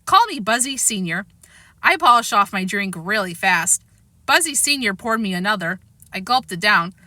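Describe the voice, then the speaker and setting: A woman narrating a children's chapter book aloud with expressive delivery. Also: medium pitch, normal speed, dry recording. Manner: lively, expressive. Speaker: audiobook reader. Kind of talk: storybook narration.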